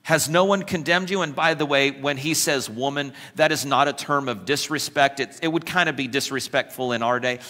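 A man with a medium-pitched, sharp voice and fairly even intonation preaches a sermon a little fast, with few pauses. As pastor he jokes with the congregation and acts out quoted voices with humorous asides, recorded in a church with long hall reverb.

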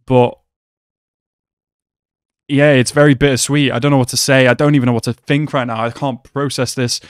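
A young man hosting an anime reaction video, swinging between excited outbursts and quiet, reflective musing. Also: medium pitch, smooth, no room sound, clean studio sound. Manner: excitable, gasping and shouting, then reflective and subdued.

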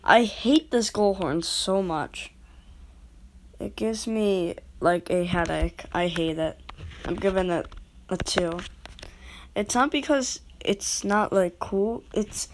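Slow, rambling woman vlogger. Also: medium pitch, slight background noise. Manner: rambling, self-interrupting, talks to viewers directly. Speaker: video creator rating goal horns. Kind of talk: casual rambling vlog talk.

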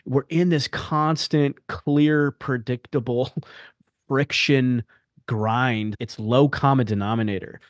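A man's voice: medium pitch, steady tone, slow pace, no room sound. Passionate, blunt male podcast host. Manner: passionate, blunt, swears freely. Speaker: podcast host and men's coach. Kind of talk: candid podcast conversation.

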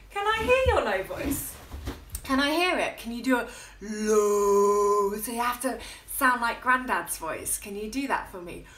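A woman leading a toddler music class in a coaxing, sing-song manner, swooping between high and low notes. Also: expressive, measured pace, fairly bright tone, a little hiss or hum. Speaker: children's music teacher. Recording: echoey room with ukulele playing.

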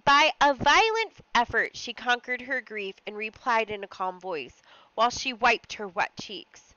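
A woman teacher reading a classic short story aloud for a lesson, with expressive delivery and the odd aside. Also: fairly high pitch, measured pace, no echo, highs cut off. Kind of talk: read-aloud lesson narration.

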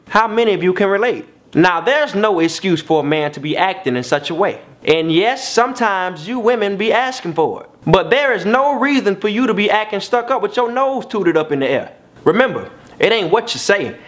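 A man doing a comedic monologue to the camera, with a preachy, animated street-talk delivery. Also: high-pitched, normal speed.

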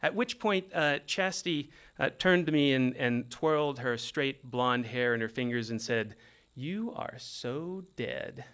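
A middle-aged man from Texas telling a comedic story from his teenage years with a wry, animated delivery. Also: mid-range voice, normal speed, hardly any pauses, smooth.

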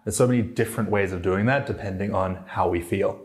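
Low-voiced man explaining language tones. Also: brisk. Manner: demonstrates tones by acting out sounds. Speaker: language teacher.

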